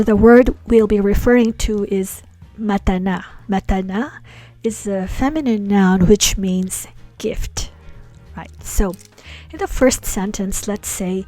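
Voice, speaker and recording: A woman's voice: medium pitch, dark tone. A woman teaching a Hebrew lesson, patiently explaining grammar step by step with many small fillers. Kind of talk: explaining slides in a language lesson.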